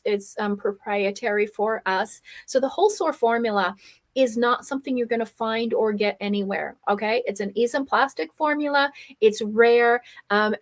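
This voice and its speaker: A woman from Germany who speaks English with no accent, hosting a live coaching workshop and pitching her program persuasively, checking in with "okay?" and "right?" all the time. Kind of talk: live webinar sales pitch.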